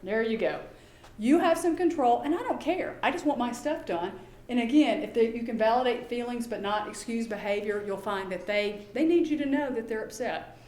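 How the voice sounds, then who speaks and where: A middle-aged woman giving a lecture as a behavior specialist, lively and acting out quoted exchanges in voices. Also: fairly high pitch, normal speed. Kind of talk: conference lecture. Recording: echoey room, faint background ambience.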